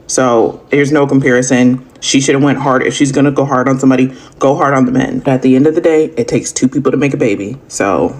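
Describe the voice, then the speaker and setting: Fast-talking emphatic male commentator. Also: medium pitch, fairly even intonation, darkish tone, slight background noise. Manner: emphatic, rapid rhetorical questions. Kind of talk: video commentary.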